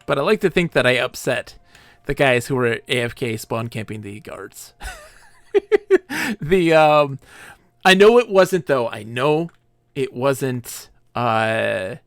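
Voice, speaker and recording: A man's voice: medium pitch, vocal fry, a bit bright, dry recording, clean studio sound. A man streaming a game live, rambling enthusiastically and laughing often between thoughts.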